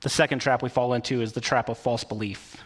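A man's voice: medium pitch, steady tone, fast, slightly rough. A man preaching a sermon in a conversational, storytelling way, with occasional fillers. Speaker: pastor.

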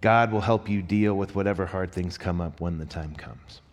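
A young man on a church staff giving a sermon, moving from a slow scripture reading into a rambling, self-mocking personal story. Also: low-pitched. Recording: long reverb of a large hall.

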